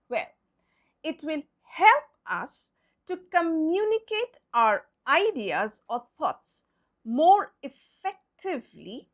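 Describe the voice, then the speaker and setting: A high, bright-pitched woman teaching English pronunciation. English is not her first language, and her voice rises and falls in wide swoops while she moves at a slow, deliberate pace. She explains patiently and spells words out one letter at a time. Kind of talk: pronunciation lesson.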